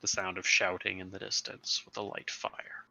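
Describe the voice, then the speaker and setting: A man narrating as game master in a tabletop game, setting scenes slowly and descriptively. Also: low-pitched, monotone, creaky, pushed and bright.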